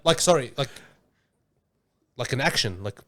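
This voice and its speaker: A man's voice: medium pitch, brisk, a bit bright. A young man chatting casually on a podcast, playful and mock-boastful, laughing as he tells stories. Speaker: podcast guest co-host. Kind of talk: casual chat.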